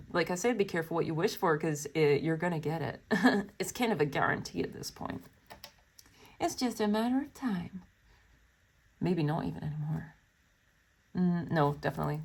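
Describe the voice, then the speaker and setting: A woman doing a pick-a-card tarot reading, reading card texts aloud and breaking off into chatty, giggly asides to her viewers. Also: mid-range voice. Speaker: tarot reader.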